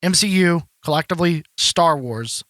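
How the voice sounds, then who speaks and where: Rambling man with a slightly high voice. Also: animated, moderate pace, fairly bright tone, dry recording. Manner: rambling storyteller, many fillers. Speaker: podcast co-host. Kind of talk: casual chat.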